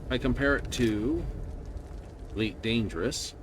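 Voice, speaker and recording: A man's voice: medium pitch, lively intonation, a little slow, background noise. A man streaming a space game, chatting casually and sarcastically, often mimicking the game's characters. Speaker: gaming streamer. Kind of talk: casual live-stream commentary.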